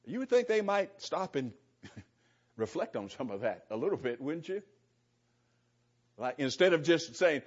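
A middle-aged man teaching through scripture in an easygoing sermon, his voice a little husky and pitched slightly high for a man. He chuckles often and restarts phrases as he thinks aloud. The recording sounds dull and lo-fi. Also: big pitch swings, measured pace, pauses often. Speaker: preacher. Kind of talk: sermon, verse-by-verse Bible teaching.

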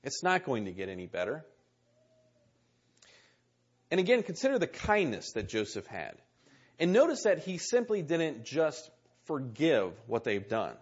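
Man preaching a sermon, earnest, husky voice, muffled lo-fi recording. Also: medium pitch. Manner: earnest, repeats key words, reads scripture aloud.

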